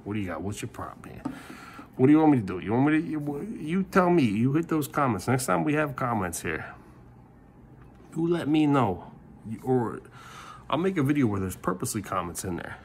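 Middle-aged male vlogger, rambling frustrated rant on a phone mic, gravelly voice, faint noise behind. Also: medium pitch, very animated, brisk. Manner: rambling, repeats himself, swears. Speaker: family vlogger.

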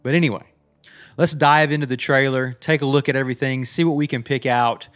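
A man's voice: mid-range voice, fairly even intonation, brisk, a bit bright. A middle-aged man hosting a gaming channel, chatting casually through a game trailer breakdown and thinking aloud with frequent "uh"s.

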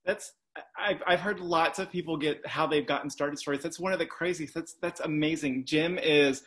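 A man's voice: a little high, fairly even intonation, moderate pace, fairly bright tone. A man hosting a bookstore live chat, talking eagerly with some restarts as he praises and asks questions. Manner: enthusiastic, with restarts. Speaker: bookstore host. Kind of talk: casual interview chat.

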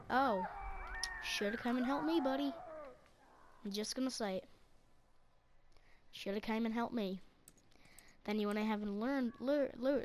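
Excitable woman chattering through gameplay. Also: a little high, unhurried, pauses often, slight background noise. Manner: excitable running chatter to herself and teammates. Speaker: gaming channel host. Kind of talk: live gameplay commentary.

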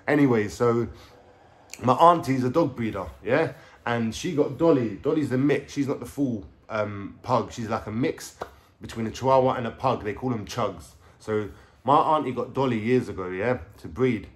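At home, a young London vlogger rambles through a story to camera in a normal-speed, middle-pitched voice. His English street slang comes with swearing and constant fillers like "yeah?" and "you know?"

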